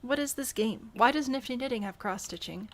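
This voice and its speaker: A woman's voice: a little high, expressive, a little fast, fairly bright tone. Chatty woman with mild Midwestern accent. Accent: mild Midwestern American. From Michigan, US Midwest. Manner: chatty, thinks aloud and answers chat questions. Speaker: streamer. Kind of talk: casual live-stream chat while building in a game.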